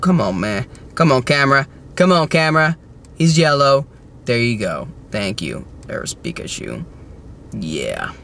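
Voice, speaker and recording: A man chatting casually while unboxing toys, excitable and rambling, joking with his viewers. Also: medium pitch, a little slow, creaky, slight background noise. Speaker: toy collector vlogger.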